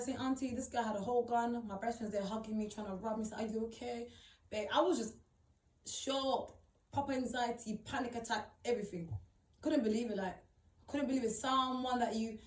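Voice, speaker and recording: A young woman telling her own story in a blunt, emotional, slangy way, swearing often. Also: fairly high pitch. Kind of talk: personal account, casual monologue. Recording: roomy, distant mic.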